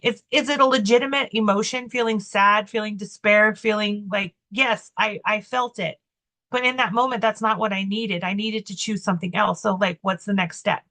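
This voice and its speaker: Woman, podcast co-host, bright voice, mid-range pitch, casual storytelling, lots of "like" and restarts, candid, self-mocking. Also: fairly even intonation, moderate pace. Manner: rambling, full of "like" fillers and restarts.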